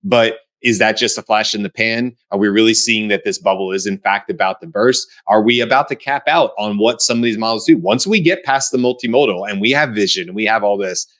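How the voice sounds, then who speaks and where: A middle-aged man from the United States speaks with a low voice as a show co-host. His talk is casual and animated, full of restarts and acted-out bits of dialogue. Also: fairly quick, few pauses. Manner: animated, acts out quoted voices. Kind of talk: casual panel discussion.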